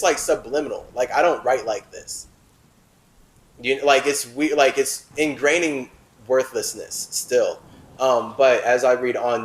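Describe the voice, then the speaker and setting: A man hosting a talk show who reads a text aloud and comments on it, switching between solemn reading and animated asides full of "like". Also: mid-range voice, echoey room, rough recording. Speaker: host.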